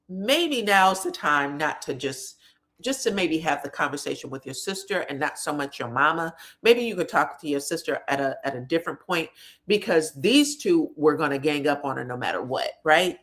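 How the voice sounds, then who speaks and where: A woman's voice: lowish voice, fairly bright tone. A woman casually recapping a reality show episode in a chatty, conversational way. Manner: chatty, conversational, drops in "you know what I'm saying".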